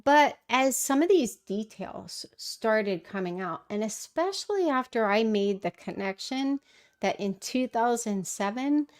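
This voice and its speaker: A middle-aged woman with a fairly high, expressive voice speaks a little slowly while hosting a casual livestream. She takes viewer questions thoughtfully, with frequent fillers and restarts.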